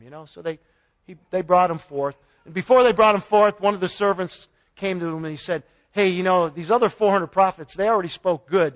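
A man giving an informal Bible teaching, retelling the story in a folksy way with paraphrased dialogue and chuckles. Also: sits high. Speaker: preacher.

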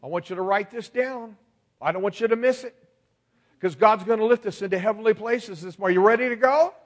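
A man's voice: sits high, a little fast. A male pastor preaching a sermon, emphatic and calling on the congregation to respond.

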